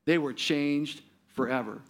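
Man preaching an animated sermon. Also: unhurried. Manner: rises in pitch for quoted lines, drops soft and low for solemn points; repeats words when he restarts, talks straight to the listener. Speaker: pastor.

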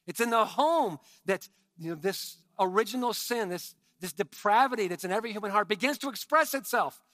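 A man preaching a sermon with emphatic swings from hushed tones to shouting and chatty asides to his congregation. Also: high voice, animated, fairly quick, no room sound. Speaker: pastor.

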